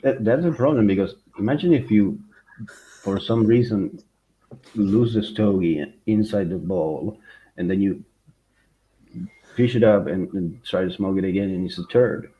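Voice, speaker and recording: A man chatting casually on a live stream and trading deadpan teasing quips. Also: on the low side, measured pace, pauses often. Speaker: stream co-host. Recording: dull lo-fi audio with faint noise.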